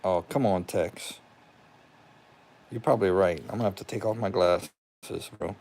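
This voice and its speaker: A man's voice: low-pitched, normal speed. A young man chatting casually on a livestream at home, greeting viewers by name. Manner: excited, talks to viewers by name, relieved. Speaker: livestream host. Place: home room with TV.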